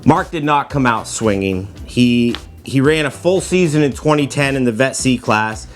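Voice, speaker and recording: A man hosts a sports-preview vlog, joking and teasing his way through it in a self-mocking tone. His voice sits at an ordinary middle pitch. Light music plays faintly behind him. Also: animated, normal speed. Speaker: host of a racing preview video.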